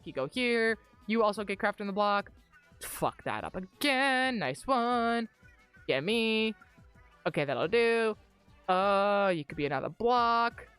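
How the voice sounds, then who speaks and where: A woman streamer casually retelling a tabletop session while gaming, animated, excitable and full of profanity. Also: on the high side, clean tone, no room sound.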